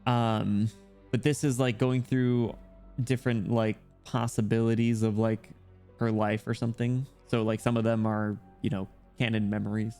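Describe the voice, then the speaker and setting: Male game streamer, low voice, talks casually to chat, reads story lines softly, faint music under him. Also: level tone, normal speed, clean tone. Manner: chatty, talks directly to viewers, frequent "like" fillers; reads story text aloud in a softer, quieter voice. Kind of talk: casual livestream chat while playing and reading a game story aloud.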